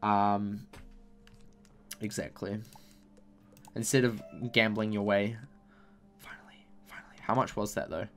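A man's voice: on the low side, level tone, a little slow, pauses often, a bit bright, soft background music. A young man commentating casually as he opens game packs, complaining in exasperated, repetitive bursts about his bad luck. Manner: exasperated, repeats himself, mock-angry complaints. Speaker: gaming YouTuber.

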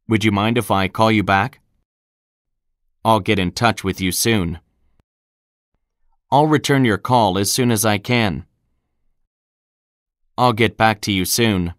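A man reading example sentences one by one in a clear, deliberate scripted style, recorded in a studio. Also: on the low side, dry recording. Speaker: English phrase reader.

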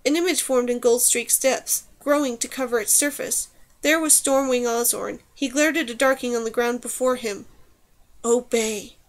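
A woman reading a fantasy novel aloud, her voice on the higher side. She narrates in a steady, even storytelling manner, clear and scripted. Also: normal speed. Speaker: audiobook narrator.

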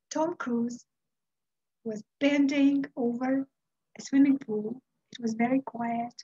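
A middle-aged woman from Uzbekistan tells a story with a high voice and a slow, dramatic delivery full of pauses. The recording sounds dull and lo-fi. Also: a little mellow, husky. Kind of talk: storytelling speech.

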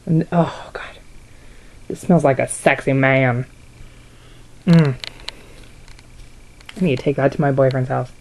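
A woman's voice: extremely low pitch, steady tone, unhurried, long pauses, a little mellow, poor audio. A young woman chatting casually in a haul video, gushing and reacting as she sniffs and shows each item. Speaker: vlogger showing a wax haul.

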